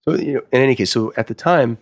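A man's voice: medium pitch, fast talker, creaky, dry recording. A man who works as a sommelier and wine consultant, telling stories in a casual interview and acting out the quoted dialogue. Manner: animated, acts out quoted dialogue.

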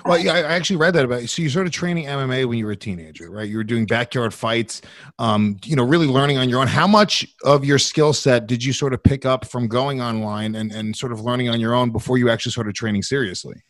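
A man's voice: medium pitch, quick pace, a bit bright, no echo. Hesitant male co-host, dry close sound. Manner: hesitant, searching for words. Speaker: podcast co-host. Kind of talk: casual interview chat.

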